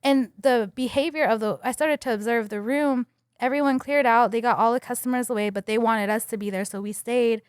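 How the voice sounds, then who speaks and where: A young adult woman, a podcast guest, retelling a story in a casual, animated way with lots of fillers. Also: on the high side, brisk, smooth, dry recording, clean studio sound.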